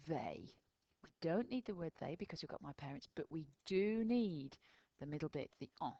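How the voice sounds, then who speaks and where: A woman's voice: sits low, animated, moderate pace, dark tone, dry recording, dull audio. An English woman teaching a recorded lesson, explaining step by step to pupils in a patient way. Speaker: French teacher.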